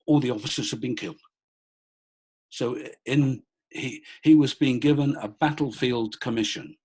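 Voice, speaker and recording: A middle-aged British man, formerly a police officer, tells a story over a video call through a laptop microphone, restarting hesitantly many times. His mid-range voice is husky with a darkish tone.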